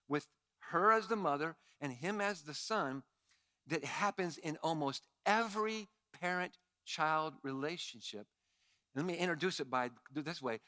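A middle-aged man preaching a sermon as pastor, acting out quoted lines with big swings in loudness. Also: sits high, no room sound, clean studio sound.

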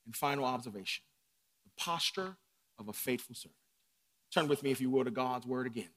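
A man preaching a sermon from the pulpit, dropping to hushed lines and climbing to shouts. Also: mid-range voice, lively intonation, brisk. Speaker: pastor. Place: church sanctuary.

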